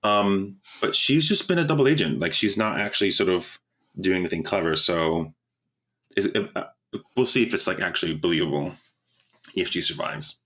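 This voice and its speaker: Deep-voiced man rambling. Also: expressive, normal speed, a bit bright. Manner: rambling, stumbles over words, laughs often. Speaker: podcast co-host. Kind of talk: casual chat.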